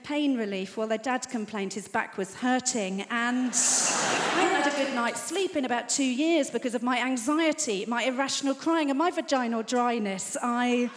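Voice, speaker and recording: A fifty-year-old woman doing stand-up on a big theatre stage, her voice pitched high and wry as she mocks herself. The sound is echoey with a long hall reverb, and loud laughter rolls in behind her. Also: moderate pace, heavy background noise. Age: 50s. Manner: dry, self-mocking delivery. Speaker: stand-up comedian. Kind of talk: stand-up set. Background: audience laughter.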